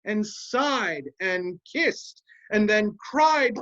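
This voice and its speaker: Reading a sly, scheming male officer for an amateur Shakespeare session, an actor speaks in a measured, insinuating manner. His pitch is middling, his tone fairly bright, and his intonation lively, though the lo-fi sound is muffled.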